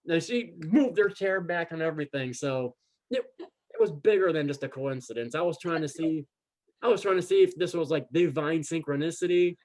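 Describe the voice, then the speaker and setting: A man recounts a story in relaxed conversation, speaking in a fairly high voice. He slips into the voices of the people he quotes. His sentences often restart with repeated words. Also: moderate pace. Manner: animated, acts out quoted dialogue. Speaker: guest. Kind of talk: casual storytelling chat.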